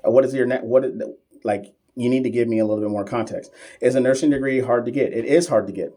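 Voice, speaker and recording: A man's voice: mid-range voice, quick pace, mellow. A man hosting a casual live-stream Q&A as a nursing exam coach, reading viewer comments aloud and answering them in a loose, teasing, familiar way.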